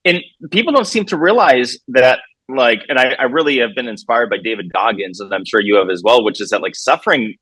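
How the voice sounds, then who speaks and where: A man who is a guest on a podcast interview, speaking reflectively and haltingly with frequent restarts. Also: mid-range voice, expressive, a bit bright, breathy edge, no room sound. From United States. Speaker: guest, army veteran. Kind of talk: casual interview chat.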